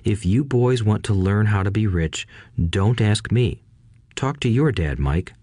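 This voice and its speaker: A warm-hearted schoolteacher father speaks softly and patiently, voiced by a man reading the story. His voice sits very low and deep, recorded close and dry with no room around it. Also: lively intonation, measured pace, dry recording. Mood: patient explaining. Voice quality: soft, patient. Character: kind, gentle schoolteacher father. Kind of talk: audiobook reading.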